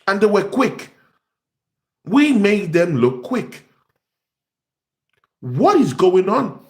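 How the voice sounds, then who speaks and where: A man's voice: high voice, very animated, very slow. Ranting young man. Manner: exasperated ranting, repeats himself. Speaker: football fan channel host. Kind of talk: ranting fan reaction. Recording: echoey room.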